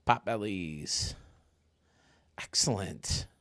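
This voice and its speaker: A man's voice: low voice, drawn-out words, dry recording. A man giving casual, chatty gameplay commentary, talking to his viewers as he tours a built stadium. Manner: chatty, excitable, talks to viewers. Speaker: video game stadium reviewer.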